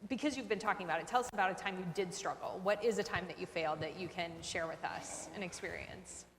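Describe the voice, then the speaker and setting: A woman's voice: on the low side, fast. A woman moderating a panel, encouraging the speakers and asking follow-up questions. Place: campus event room. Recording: echoey hall with clear noise.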